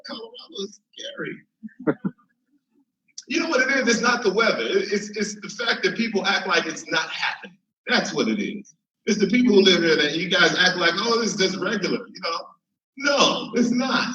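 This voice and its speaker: Man from Chicago, stand-up comic, high and bright voice, animated, laughs at his own jokes. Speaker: stand-up comedian. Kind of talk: stand-up comedy. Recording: roomy, from far mic.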